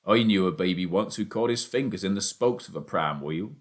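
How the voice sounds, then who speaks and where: Low, steady country father, voiced by a male reader. Earnest and plain-spoken, with an expressive delivery. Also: a little fast. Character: a boy's father, a rural working man.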